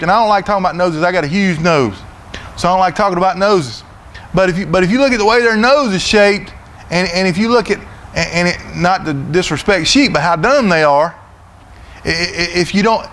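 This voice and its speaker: Folksy, high-voiced Southern preacher man. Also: a little hiss or hum. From Florida, USA. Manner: folksy, repeats words, loud and blustery. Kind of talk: sermon. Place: church sanctuary.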